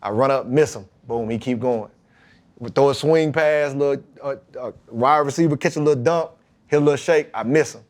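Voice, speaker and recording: A man's voice: mid-range voice, a little fast. Emphatic man telling his story. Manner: emphatic, animated retelling with acted-out quotes. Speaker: podcast guest, pro football linebacker. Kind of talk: casual storytelling about faith and football.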